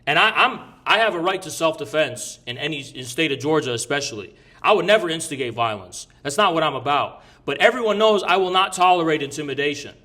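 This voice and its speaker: Brash, profane man with a bright voice. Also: a little high, expressive, a little fast, few pauses. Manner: rambling with restarts. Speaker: podcast guest recounting an event. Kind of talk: casual storytelling chat.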